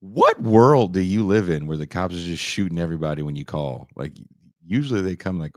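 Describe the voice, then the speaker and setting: A man on a podcast telling a story casually, animated and profane, often leaping up in pitch for emphasis. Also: a little fast, no echo. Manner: animated, profane, jumps into high voices for emphasis.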